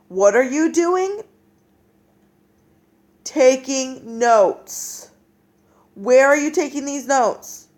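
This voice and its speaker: Woman teacher, slow and very animated, a bit high, acts out little voices. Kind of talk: classroom reading lesson.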